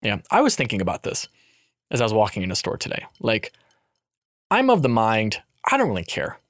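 A young adult man chatting casually as a podcast co-host, rambling with lots of fillers and lively asides. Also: on the low side, brisk, no room sound, studio quality. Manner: rambling, animated, with frequent fillers. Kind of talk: casual chat.

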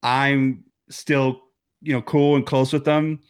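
Male podcast co-host, young adult, rambling casual talk, mid-pitched, dry close sound. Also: little pitch movement, slow, clear, resonant tone, dry recording. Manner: rambling, restarts his thoughts often. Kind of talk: casual chat. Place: home, remote recording.

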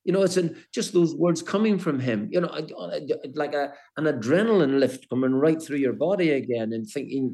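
A man's voice: a little high, animated, brisk, hardly any pauses, warm tone. An older man, a former footballer, recalling his playing days in an interview, often restarting and repeating words. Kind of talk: interview, storytelling.

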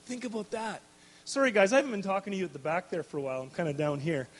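A man with a high voice preaches a storytelling sermon to a live crowd. He speaks in an animated way, laughs often and breaks off to restart his sentences. The sound rings with the long reverb of a large hall. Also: rapid-fire.

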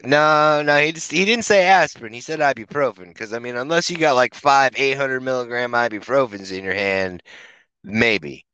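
A man's voice: mid-range voice, normal speed, pushed and bright, clean tone, dry recording, lo-fi sound. A man chatting on a podcast, telling rambling stories full of swearing and restarts. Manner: rambling, profane storytelling. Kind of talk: casual podcast chat.

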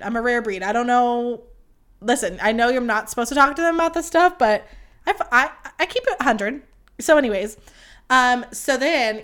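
A young woman with a fairly high voice tells a story on her own podcast. She is candid and chatty, and she pokes fun at herself in quick asides. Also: a bit bright. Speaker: podcast host. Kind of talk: casual storytelling.

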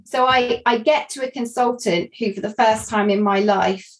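A woman speaks in a fairly high voice. She talks candidly and earnestly about her own experience, reflecting as she goes and sometimes restarting a phrase. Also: steady tone, moderate pace, rough recording. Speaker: guest sharing a personal story. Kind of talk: candid personal storytelling.

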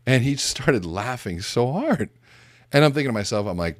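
Deep-voiced man giving motivational talk. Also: sing-song, moderate pace, no echo, studio quality. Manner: emphatic, direct, with casual asides. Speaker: business speaker on leadership. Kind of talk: conversational motivational talk with storytelling. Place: seated indoors.

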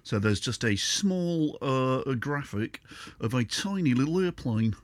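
A British podcast host with a medium-pitched, animated voice talks a little slowly, with no echo. In a casual chat, he trades teasing, sarcastic jokes with a friend and laughs frequently.

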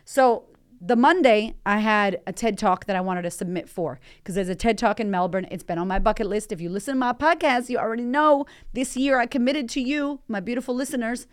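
A woman's voice: on the high side, brisk, smooth. A woman hosting a motivational podcast, talking with candid energy and swearing freely. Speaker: podcast host and life coach.

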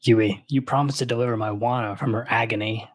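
A man doing a dying old traitor, slow and measured. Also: medium pitch, steady tone, lightly acted. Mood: defiant.

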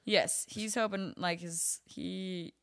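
A woman's voice: fairly low pitch, fairly even intonation, slow, vocal fry, dry recording, clean studio sound. A young woman, a bottle service waitress, telling work stories in casual chat, full of "like" fillers and swearing freely.

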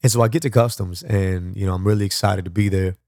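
A man with a low, gravelly voice hosts a motivational podcast. He rambles conversationally and often restarts his thoughts. The recording is dry and close. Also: steady tone, quick pace, a little mellow, no room sound. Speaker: podcast host. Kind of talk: reflective motivational monologue.

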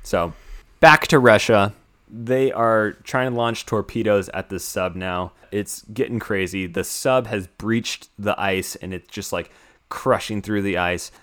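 A man's voice: on the low side, measured pace, fairly bright tone. A young American man hosting a casual chat, recapping a film in a rambling way, full of "like" and restarts. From United States. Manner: rambling, many "like" fillers and restarts.

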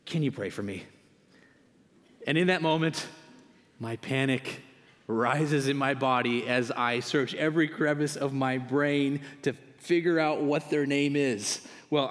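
Giovane pastore in sala riverberante. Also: male voice, mid-range voice. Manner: conversational, self-deprecating storytelling. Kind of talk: sermon. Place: church hall. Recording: long reverb of a large hall.

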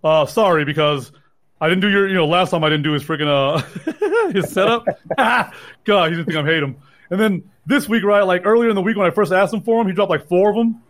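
A man's voice: high voice, animated, a little fast, fairly bright tone. A sleep-deprived man co-hosting a podcast in casual chat, rambling and mocking himself with frequent laughs. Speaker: podcast co-host.

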